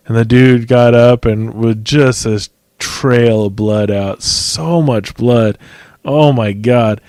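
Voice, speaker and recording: A man's voice: mid-range voice, fairly even intonation, a little slow, a little mellow, no room sound, clean studio sound. A man hosting a podcast who talks in a loose, rambling way, swearing freely and laughing often. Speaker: podcast host. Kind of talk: casual chat.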